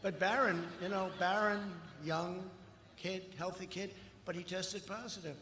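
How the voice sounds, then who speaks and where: A man's voice: high-pitched, steady tone, measured pace. Older man giving a rambling rally speech. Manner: rambling, boastful, swings between shouting and muttering asides. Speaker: political speaker at a rally. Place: outdoor rally. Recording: echoey outdoor rally with long reverb and faint crowd noise.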